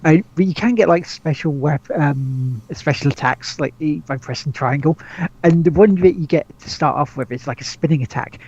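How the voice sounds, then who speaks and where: A man's voice: a little high, normal speed, a little mellow, slightly rough, dull audio. A man hosting a podcast in casual chat, rambling with lots of restarts, swearing and laughs. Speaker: podcast host.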